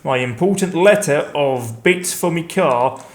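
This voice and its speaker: A man talks his way through a game, rambling and poking fun at himself as he goes. His voice sits a little higher than most men's. Every so often he breaks into panicked outcries. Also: expressive, unhurried. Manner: chatty, rambling, self-mocking. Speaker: let's play host. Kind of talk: gameplay commentary.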